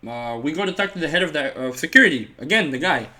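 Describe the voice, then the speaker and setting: A man's voice: on the high side, fast. A man casually telling a personal story in a storytime vlog, with a lot of "like" and acted-out quotes. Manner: animated retelling, filler-heavy with many "like"s; acts out quoted voices of others.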